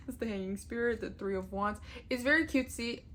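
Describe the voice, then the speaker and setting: A woman's voice: a little high, noisy background. A young woman chatting casually on camera as a vlogger, gushing, swearing freely and laughing often. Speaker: tarot vlogger. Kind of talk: casual chat.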